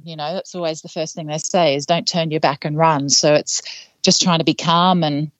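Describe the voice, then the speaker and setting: A woman's voice: low voice, fairly even intonation, fairly quick, dry recording, dull audio. A woman guest on a podcast, telling a story casually with many fillers and laughs between phrases. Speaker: podcast guest, trail runner.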